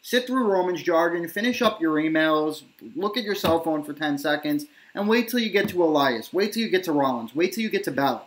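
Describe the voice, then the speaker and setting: A man's voice: fairly high pitch, animated, brisk, few pauses, fairly bright tone, slight background noise. New york guy hosting a podcast chat, emphatic, strong opinions, long rants. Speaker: podcast host. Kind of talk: casual debate chat.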